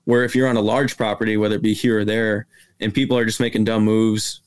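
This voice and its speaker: Guy with a lowish voice talking hunting strategy on a podcast, breaks it down point by point. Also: little pitch movement, quick pace, smooth. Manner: methodical, explains step by step. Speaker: guest hunter. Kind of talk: casual podcast interview.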